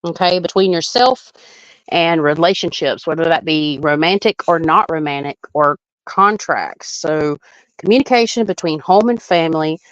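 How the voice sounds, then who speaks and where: A woman astrologer talks through a chart live in a loose, chatty way, often breaking into laughter. Her voice sits a little low. The sound is dry and a touch dull, like a home live stream. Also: moderate pace, no echo. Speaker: astrologer hosting a live reading. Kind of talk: casual live chart reading.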